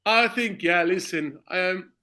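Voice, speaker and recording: A man's voice: high voice, slow pace, pushed and bright. A male football fan chatting as a podcast guest over a video call from home, laughing constantly and calling everyone "mate". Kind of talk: casual chat. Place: at home, wife nearby.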